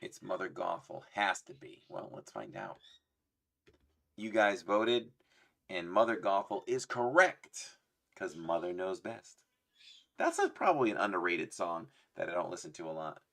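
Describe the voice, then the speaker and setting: Deep, slow, playful man hosting. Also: big pitch swings, creaky, a bit bright. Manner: playful, laughs often, reads chat aloud; fond of doing voices. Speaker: livestream trivia host. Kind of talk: casual live-stream chat.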